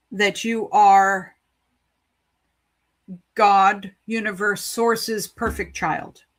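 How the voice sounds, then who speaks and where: A woman's voice: medium pitch, fairly bright tone. A woman giving spiritual card readings on a live stream, chatty, playful and encouraging.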